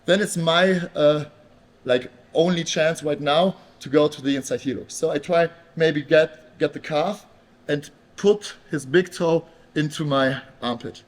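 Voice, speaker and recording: Man explaining grappling moves, higher voice. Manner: explains while demonstrating, halting with fillers and restarts. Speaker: grappling instructor. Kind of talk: casual technique instruction.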